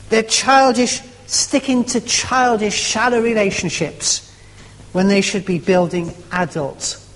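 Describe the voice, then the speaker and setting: A preacher delivers a sermon, leaning on one word after another as a phrase is repeated. The talk stalls now and then in restarts. A long hall reverb trails each line. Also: medium pitch. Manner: emphatic, repeating phrases and stressing words in turn.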